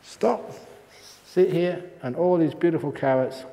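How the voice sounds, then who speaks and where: Joking older monk in an echoing hall. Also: male voice, on the high side, unhurried, gravelly, mellow, slight background noise. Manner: joking storyteller, occasional coughs. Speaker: Buddhist monk teacher. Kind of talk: humorous dharma talk. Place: meditation hall at a retreat. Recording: long hall reverb.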